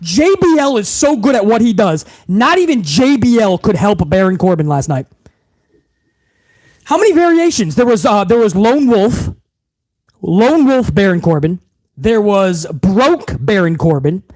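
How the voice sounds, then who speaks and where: A man's voice: sits high, very animated, measured pace, darkish tone, no room sound. A man hosting a live wrestling recap stream, talking in a profane, rambling way with frequent restarts. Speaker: wrestling show host.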